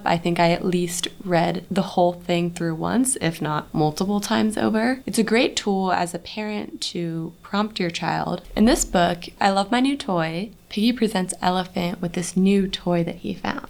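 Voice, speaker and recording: A young woman hosting a podcast for parents in a recording studio, explaining read-aloud tips in an animated way. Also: lowish voice, vocal fry. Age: young adult. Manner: animated, bursts into dramatic read-aloud voices. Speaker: podcast host. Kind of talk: instructive podcast talk for parents.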